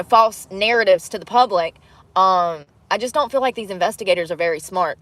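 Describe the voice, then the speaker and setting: A woman's voice: mid-range voice, a bit bright. Blunt, laughing woman livestreaming from a truck. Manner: blunt, swearing, laughs often, answers chat. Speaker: livestream host. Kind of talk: casual livestream chat. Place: in a vehicle.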